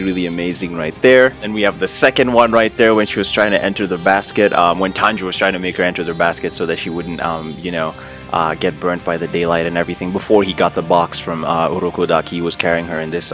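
A man's voice: deep voice, fast talker. Guy unboxing stuff, super gushy, keeps saying man and oh my god, trips over his words, faint music behind. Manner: gushing, repeats "man" and "oh my god", stammers when excited. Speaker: unboxing channel host. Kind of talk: excited unboxing vlog.

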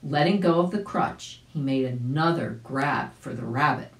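A woman reading a children's story aloud as a volunteer reader, gentle, with small asides. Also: rumbling low, moderate pace, roomy sound, low-quality recording. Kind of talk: audiobook read-aloud for children.

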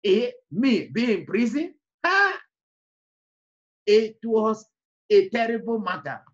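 A man's voice: sits high, animated, a little slow, darkish tone, highs cut off. A man preaching an emotional personal testimony, repeating phrases and breaking into song. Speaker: evangelist.

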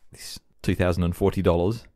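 A male podcast co-host with a fairly low voice, relaxed and reactive as he chats and asks his partner questions. The recording is dry and close. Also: a little fast, no echo. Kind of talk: casual chat.

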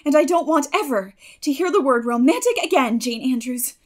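A woman's voice: high-pitched, expressive, a little fast, a little mellow, pitched above the performer's own voice. A woman voicing a proud, spirited and talkative young girl, speaking in an earnest, declaiming way in an audiobook. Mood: indignant. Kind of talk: audiobook character voice.

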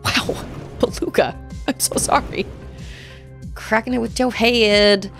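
A woman's voice: on the high side, steady tone, slow, gravelly, faint music behind. A young adult woman streaming a video game, chatting casually and reacting with gasps, laughs and squeals. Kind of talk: casual live gameplay commentary.

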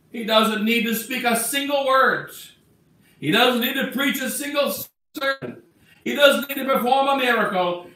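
A man's voice: sits high, sharp tone. A man preaching an emphatic sermon as a bishop, acting out the words he quotes. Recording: echoey church from far off.

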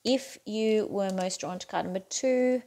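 A woman giving a casual, chatty tarot reading to camera, encouraging and quick to laugh at herself. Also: medium pitch, dark tone. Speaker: tarot reader.

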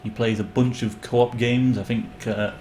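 A man's voice: medium pitch, level tone, measured pace, darkish tone, a little hiss or hum. A man streaming a game live, rambling and joking with his chat and yelping when things go wrong. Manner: rambling, jokey, breaks into yelps when panicking. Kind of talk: live gameplay commentary.

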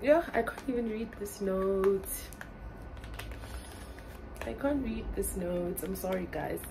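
Excitable South African woman vlogger. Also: medium pitch, slow, creaky, a little hiss or hum, poor audio. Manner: excitable, laughs often, mixes English and Zulu. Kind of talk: casual vlog chat.

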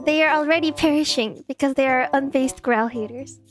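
Very high giggly woman streamer. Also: a little fast, faint music behind. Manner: giggly, playful and sarcastic. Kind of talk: casual live-stream chat.

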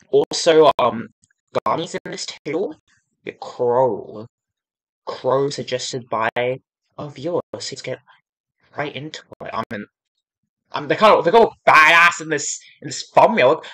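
A woman hosting a reaction channel, talking in an excitable, casual way with lots of swearing and filler words. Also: deep voice, breathy edge. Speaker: YouTube reaction channel host.

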